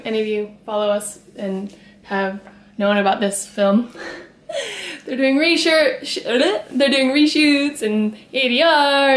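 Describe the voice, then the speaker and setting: A young woman chatting to her camera as she walks around her house, rambling and laughing often. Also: high voice. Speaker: vlogger. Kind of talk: casual chat to camera. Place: at home, walking around the house.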